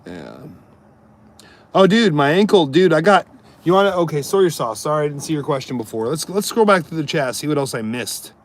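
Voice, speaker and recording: A man's voice: fairly high pitch, sing-song, brisk. A man and amateur comic chatting on a live stream, telling rambling jokey stories and answering his viewers. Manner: jokey, rambling storyteller who chats to viewers.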